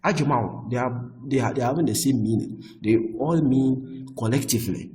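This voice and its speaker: A man teaching Arabic grammar, often repeating himself and checking with "I hope that is clear.". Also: mid-range voice, fast, mellow, poor audio. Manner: restarts and repeats words often. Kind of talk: explaining Arabic grammar on screen.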